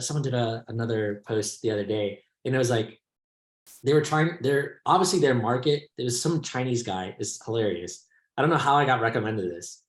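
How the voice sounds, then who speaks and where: A man hosts a casual podcast discussion with a mid-range voice. He muses at length and circles back over his own phrases. His voice rings in a roomy, echoey space. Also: mid-range voice. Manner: rambling, reflective, many restarts. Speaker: podcast host. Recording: echoey room.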